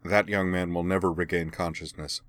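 A man reading as a cold, dismissive hospital doctor who speaks in a clinical, detached and measured way. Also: low voice, little pitch movement, fairly bright tone, no room sound.

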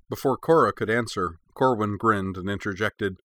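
A man narrating a story aloud in a steady, descriptive way. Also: lowish voice, normal speed, hardly any pauses, dry recording, clean studio sound. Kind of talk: read-aloud fan fiction narration.

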